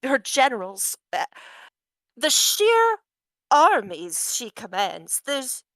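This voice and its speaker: A frail old village woman, freshly rescued from captivity and still rattled, played by a woman. Her voice swoops up and down, tearful one moment and cackling the next, and she speaks slowly and unevenly. The sound is dry and close. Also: high voice, wildly swooping pitch, a bit bright, no room sound, exaggerated voice. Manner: flustered and teary, then bursts into cackling laughter.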